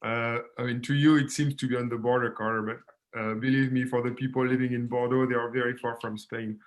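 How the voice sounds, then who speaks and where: Man, measured explanations. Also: mid-range voice, level tone. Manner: measured, explanatory, with frequent restarts. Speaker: French professor. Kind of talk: panel discussion remarks.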